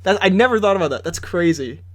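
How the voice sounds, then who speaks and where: A man's voice: sits high, animated. A young man co-hosting a podcast, telling stories in casual chat and laughing often. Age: young adult. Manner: laughs often, quick storytelling. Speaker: podcast co-host. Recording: slight background hum.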